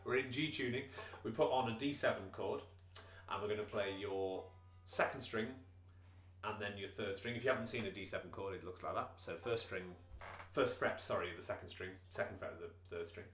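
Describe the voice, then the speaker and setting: A man's voice: lowish voice, a little fast, fairly bright tone. A man teaching a banjo tutorial, explaining patiently and counting beats aloud, with many fillers. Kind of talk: instrument tutorial. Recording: roomy echo, banjo playing behind.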